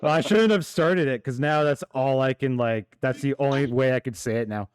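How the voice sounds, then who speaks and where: A man narrating as dungeon master, laughing often and halting with fillers between lines. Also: mid-range voice, darkish tone, clean tone, no echo. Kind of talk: narrating a tabletop game.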